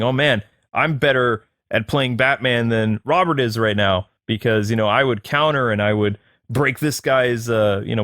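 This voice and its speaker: A man giving a casual spoken movie review, rambling with many fillers and sudden excited jumps in pitch. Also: no room sound, studio quality.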